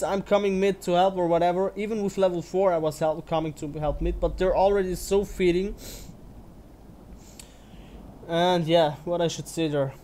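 A man's voice: high voice, a little mellow. A young man giving angry, swearing commentary over his own online game match. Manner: angry ranting, heavy swearing. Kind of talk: gameplay commentary.

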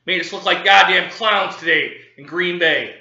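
A man's voice: sits high, normal speed, pushed and bright, reverberant, lo-fi sound. A man ranting angrily about his football team, cursing and repeating himself, livid. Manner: profane, furious, repeating himself. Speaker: sports fan vlogger. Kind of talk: angry fan rant.

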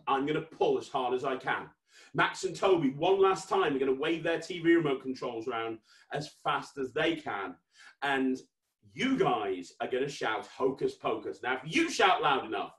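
Animated British man, kids' magician. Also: on the high side. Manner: energetic, rallies kids to shout along; playful mock-exasperated banter with a puppet. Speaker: children's entertainer and magician. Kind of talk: virtual kids' magic show. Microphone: video call. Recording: roomy echo.

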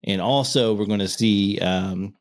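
Low-voiced guy in his 30s, casual podcast chat, trips over his words when he gets excited. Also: measured pace. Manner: stutters and restarts when excited, laughs often. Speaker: podcast co-host.

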